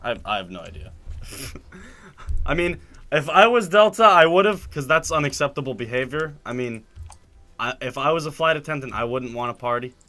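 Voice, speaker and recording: A man telling a story in casual chat while playing a game, animated and laughing as he acts out quotes. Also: on the high side, normal speed. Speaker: gaming video host. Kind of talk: casual storytelling over gameplay.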